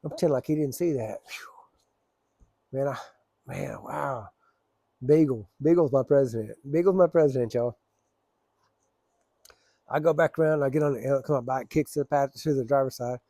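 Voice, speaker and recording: A man's voice: medium pitch, moderate pace, pauses often, mellow, no room sound, clean studio sound. A man telling rambling, profane stories in a casual, laid-back way. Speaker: storyteller. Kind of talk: casual storytelling.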